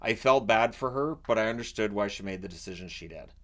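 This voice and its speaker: Animated chatty man, lowish voice. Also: fast talker. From Canada. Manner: animated, acts out quotes in raised voice; repeats and restarts words often. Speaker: vlogger. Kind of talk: casual chat.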